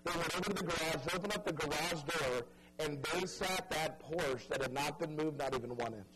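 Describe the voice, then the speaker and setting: A man preaching a sermon, telling a story dramatically and pleading earnestly with his listeners, dropping soft and stretching key words for emphasis. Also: on the high side, fairly quick, noisy background. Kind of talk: evangelistic sermon.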